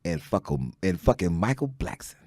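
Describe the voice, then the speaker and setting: A man from Houston, a stand-up comedian guesting on a podcast, telling stories in an animated way and building up to shouted punchlines. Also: sits low, normal speed, husky, no echo, studio quality. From Houston, Texas. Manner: animated storyteller who rises into shouted punchlines. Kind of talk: casual chat, comic storytelling. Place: podcast studio.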